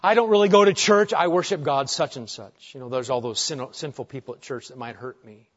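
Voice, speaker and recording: A man preaching a sermon, swinging between loud emphasis and hushed asides and asking the congregation rhetorical questions. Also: medium pitch, fairly quick. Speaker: pastor. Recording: dull lo-fi sound.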